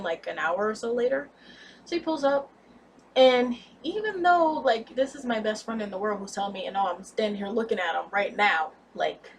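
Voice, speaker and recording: A young woman in her twenties telling a candid, blunt storytime vlog about a breakup, expressive and cursing freely. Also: mid-range voice, far from the mic, slight background noise. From United States. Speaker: vlogger.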